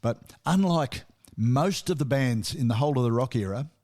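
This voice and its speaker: A man's voice: medium pitch, animated, moderate pace, darkish tone. A man co-hosting a casual music podcast, chatty and storytelling, with asides and laughs. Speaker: podcast co-host.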